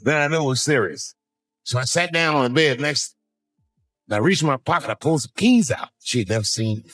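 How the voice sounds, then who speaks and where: A man doing stand-up comedy, telling a profane story in an animated way with sudden high-pitched outbursts. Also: a little fast, no room sound, faint music behind, rough recording. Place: comedy stage.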